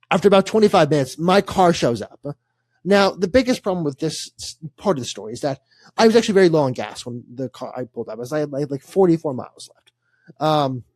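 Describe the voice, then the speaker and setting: Young guy, co-host, slightly high voice, dry close sound, chatty storyteller. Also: dry recording. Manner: rambling storyteller with laughs and fillers. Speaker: podcast co-host. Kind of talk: casual sports podcast chat.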